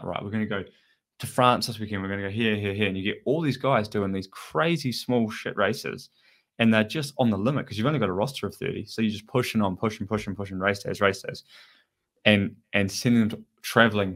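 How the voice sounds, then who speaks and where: A man co-hosting a casual podcast chat, rambling through his points with many "like" fillers. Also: fairly low pitch. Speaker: co-host.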